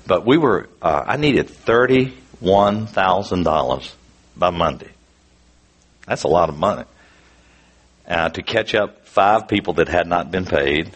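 Man preaching a sermon with earnest testimony; husky tone, very expressive pitch. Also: a little slow. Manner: earnest, animated storytelling with frequent restarts.

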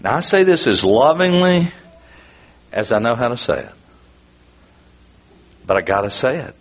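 A man preaching a sermon, telling a personal story in an earnest, animated way with frequent restarts. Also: medium pitch, moderate pace, pauses often.

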